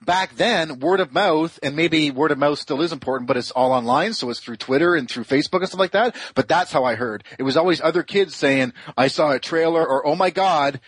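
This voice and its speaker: Casting note: male podcast host, slightly high husky voice, dry close sound, rambling storyteller. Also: fairly quick, hardly any pauses, dry recording. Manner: rambling, animated storytelling with restarts. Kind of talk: casual chat.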